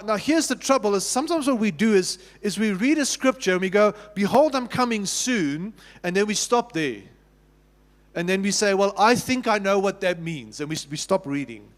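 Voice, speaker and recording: Pastor, South African man, high voice, chatty sermon delivery, church hall reverb. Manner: conversational preaching with repeated restarts and questions to the congregation. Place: church sanctuary.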